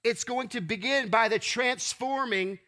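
A man's voice: very high-pitched, a little slow, bright, forceful tone. A man preaching a sermon as pastor, asking rhetorical questions and calling for responses from the congregation.

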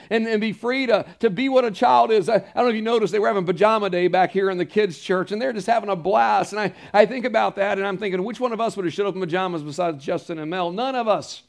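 A man's voice: sits high, vocal fry. A male pastor preaching a sermon, earnest and emphatic, repeating key phrases and turning to the congregation with casual asides.

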